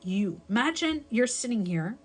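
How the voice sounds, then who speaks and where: A woman's voice: a little high, lively intonation, normal speed, breathy edge, soft background music. A young adult woman, a life coach, giving advice in a live stream. She talks candidly and emphatically, swears casually and corrects herself mid-sentence as she rambles.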